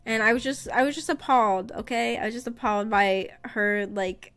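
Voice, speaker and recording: A woman VTuber chatting casually on stream, rambling and often laughing, her voice slightly rough after being sick. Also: a little high, normal speed, fairly bright tone, faint music behind. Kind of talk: casual live-stream chat.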